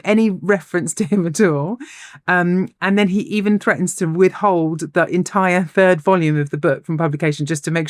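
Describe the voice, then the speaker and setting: A woman co-hosting a podcast, telling a story in casual chat, animated, laughing often and restarting her sentences. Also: lowish voice, dry recording. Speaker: podcast co-host.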